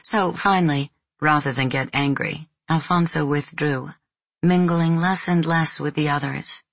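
A woman reading a novel aloud as an audiobook narrator, in a measured, even storytelling manner. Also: deep voice, dry recording.

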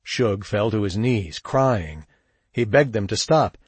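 A man narrating a crime story in a steady, measured audiobook read. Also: lowish voice, husky, dry recording. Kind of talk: scripted narration.

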